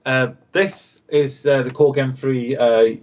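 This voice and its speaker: A man appearing as a guest on a video call interview, himself a radio host and producer, rambles through stories full of fillers, acting out the voices of the people in them. His mid-range voice is steady, slow and a little mellow, with lo-fi sound.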